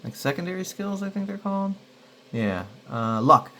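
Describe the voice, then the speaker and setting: A man's voice: sits high, very animated, normal speed, sharp tone. A man casually playing a solo tabletop game, rambling and thinking aloud to himself. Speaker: solo game player and host.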